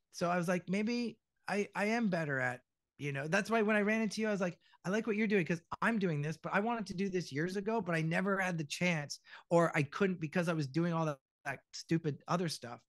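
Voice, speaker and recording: A middle-aged man with a fairly high voice tells stories on a podcast, acting out every quote and swearing freely. The sound is close and dry, with no room around it. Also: dry recording. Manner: animated storyteller, acts out quotes, swears freely. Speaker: podcast guest, voice actor. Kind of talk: casual podcast chat.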